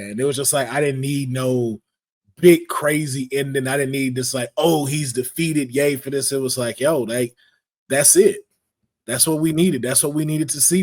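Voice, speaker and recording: Male podcast host, mid-pitched, slangy and lively, acts out quotes as he talks. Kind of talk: casual podcast chat.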